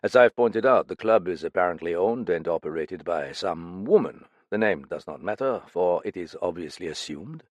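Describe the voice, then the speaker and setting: A man reading an audiobook, voicing a police official who questions in a measured, pressing way. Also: low-pitched, expressive, no echo. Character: sharp, probing male police official.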